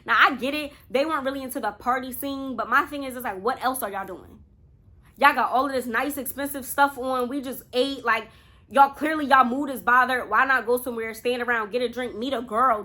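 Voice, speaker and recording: A woman's voice: high voice, pushed and bright. A young woman telling a casual storytime to her viewers, chatty and talking straight to them. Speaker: vlogger.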